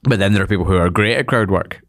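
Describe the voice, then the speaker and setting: A Scottish man, a guest comedian, telling stories in casual chat with lots of quick restarts. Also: low-pitched. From Scotland. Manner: rambling storyteller with quick restarts.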